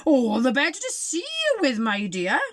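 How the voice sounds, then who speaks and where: A woman's voice: sits high, huge pitch swings, moderate pace, full character voice. A woman voicing a sly, hungry big bad wolf in a storybook reading, with a growling manner.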